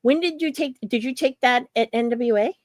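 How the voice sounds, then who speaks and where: Brisk and fairly high-pitched, this podcast co-host spins animated stories in relaxed conversation, cursing freely and packing in lots of fillers. The recording has no echo.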